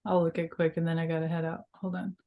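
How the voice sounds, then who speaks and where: A woman's voice: deep voice, little pitch movement, fast talker, narrow, tinny audio. A woman co-hosting a casual chat, playful and laughing easily. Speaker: co-host.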